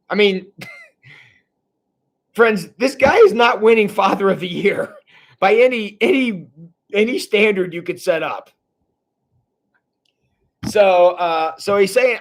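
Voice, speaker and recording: A man with a high-pitched voice leads a livestreamed Bible study for his church. His delivery is casual and wry, full of restarts and chuckles as he comments on the text. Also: lively intonation, unhurried.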